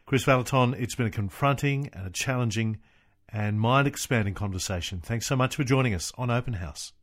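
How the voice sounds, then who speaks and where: A man hosting a radio interview, measured and appreciative as he wraps up. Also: mid-range voice. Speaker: radio show host.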